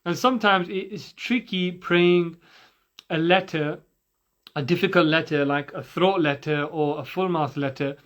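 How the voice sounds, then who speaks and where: A man teaching Quran recitation, patiently breaking words into sounds and repeating them slowly for listeners to copy. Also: fairly high pitch. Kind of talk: tajweed lesson with slow demonstrations.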